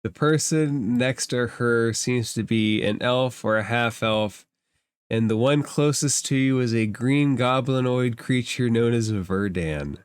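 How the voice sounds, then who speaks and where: A man narrating a tabletop game as game master, slow and deliberate. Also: medium pitch, smooth, no room sound, clean studio sound.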